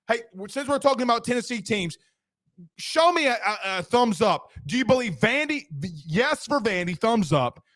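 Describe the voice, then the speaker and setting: A man hosting a casual sports talk show, emphatic and quick, reading viewer comments aloud and ribbing his co-host. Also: extremely high pitch, sing-song, fairly bright tone, no room sound, studio quality.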